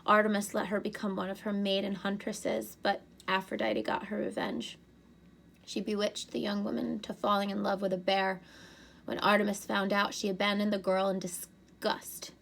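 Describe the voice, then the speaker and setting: A woman voicing a smooth, scornful teenage boy villain in a storybook reading, with a mocking, persuasive manner. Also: mid-range voice, flat delivery, moderate pace, fairly bright tone, slight background noise. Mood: taunting.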